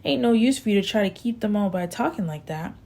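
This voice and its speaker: A woman's voice: mid-range voice, expressive, fast, vocal fry, warm tone. Woman voicing a blunt, demanding young country man. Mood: accusing.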